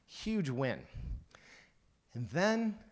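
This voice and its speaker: A man's voice: a little high, very slow. Man telling career stories onstage. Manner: anecdotal, lively storyteller acting out dialogue. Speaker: keynote speaker. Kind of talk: conference keynote storytelling.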